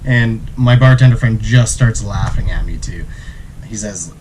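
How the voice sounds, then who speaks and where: A man telling a travel story in a relaxed, casual way, acting out the quotes. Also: on the low side, moderate pace, background noise. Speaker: travel vlogger.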